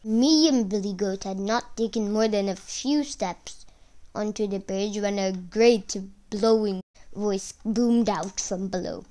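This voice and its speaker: A woman narrating a fairy tale aloud for children, reading slowly and with expression. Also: mid-range voice. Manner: slow, expressive read-aloud. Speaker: storyteller. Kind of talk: storybook narration.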